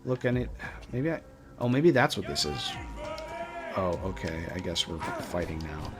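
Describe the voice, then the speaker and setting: A man's voice: sits low, very animated, measured pace, music in the background. A man hosting a let's play, commenting dryly as he plays a game. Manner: dry, musing remarks while playing. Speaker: host playing the game.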